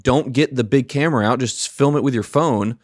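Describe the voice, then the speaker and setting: A man's voice: mid-range voice, moderate pace, no room sound, studio quality. A man guest in a casual podcast chat, talking frankly with a wry edge.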